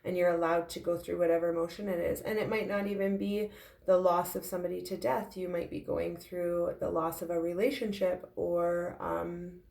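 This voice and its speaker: A tearful woman speaks in a heartfelt, halting way in a personal confessional vlog. Her voice sits low and has a gravelly edge. The recording sounds roomy and echoey. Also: darkish tone. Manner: heartfelt, halting, with frequent fillers. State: tearful, emotional. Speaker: intuitive medium sharing her grief.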